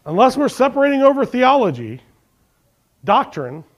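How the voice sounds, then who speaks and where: A man preaching a sermon, reading scripture aloud and putting questions to the congregation, swinging from emphatic lines to quiet ones. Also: extremely high pitch, big pitch swings, moderate pace. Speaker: pastor.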